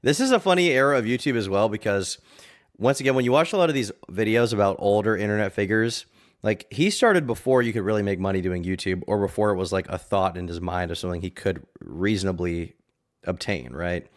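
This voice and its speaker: A man giving rambling, casual commentary on a live stream as he reacts to a video, with crude asides and shout-outs to viewers. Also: on the low side, brisk.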